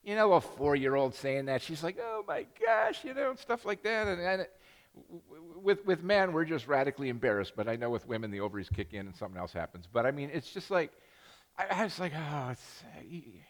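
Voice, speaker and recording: A man's voice: medium pitch, very animated, fast talker, big-room sound. An older man preaching a sermon as pastor, telling stories with many restarts and self-deprecating jokes. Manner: rambling storytelling with many restarts and asides. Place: church sanctuary.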